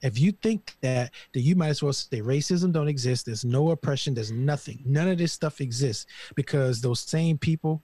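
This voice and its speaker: Emphatic man with a mellow voice. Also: mid-range voice, moderate pace, few pauses, no echo. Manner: animated, slangy, emphatic. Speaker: regular panelist. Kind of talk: casual panel discussion.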